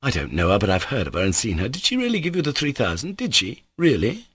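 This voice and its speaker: A man's voice: mid-range voice, wildly swooping pitch, quick pace, a bit bright, breathy edge, no echo, voice pushed up, heavily acted. Pyotr Ilyich, a man voicing a wary, questioning young official. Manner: questioning, reproachful. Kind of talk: audiobook character reading.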